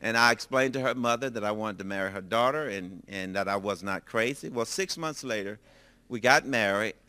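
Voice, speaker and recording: Bright-voiced older man telling a story. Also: lowish voice, fairly quick, clean tone. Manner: lively, animated storytelling with acted-out dialogue. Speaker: speaker telling a personal story. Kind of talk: storytelling sermon.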